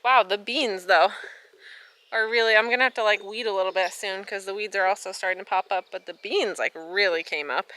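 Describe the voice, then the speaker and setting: A young American woman vlogging casually on her farm, chatty and excitable, a little out of breath. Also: mid-range voice, brisk. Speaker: farmer vlogger. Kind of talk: casual vlog narration. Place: outdoors on a farm.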